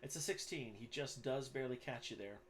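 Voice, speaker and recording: A man's voice: medium pitch, brisk. Guy running a tabletop game, casual, lots of ums, faint background hum. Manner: casual, with fillers and profanity. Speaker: game master.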